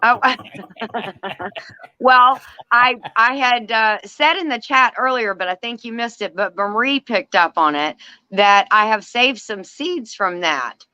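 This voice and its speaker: A woman's voice: a little high, takes it slowly, pushed and bright, smooth, dull audio. A woman calling in to a chat show over a video call, chatty and gushing. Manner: chatty and gushing, laughs often. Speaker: viewer calling in. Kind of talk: casual chat.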